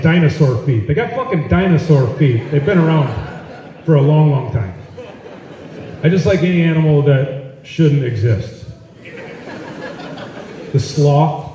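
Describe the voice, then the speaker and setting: Brash comedian in an echoey hall. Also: male voice, fairly high pitch, darkish tone, distant mic, a little hiss or hum. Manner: brash, profane, punchy delivery. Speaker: stand-up comedian. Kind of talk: stand-up comedy set. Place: large auditorium with audience. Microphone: phone recording from the audience area. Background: audience laughter.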